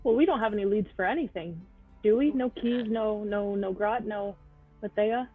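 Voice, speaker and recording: Husky woman playing a tabletop game. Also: medium pitch, normal speed, phone-quality sound, soft background music. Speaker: player.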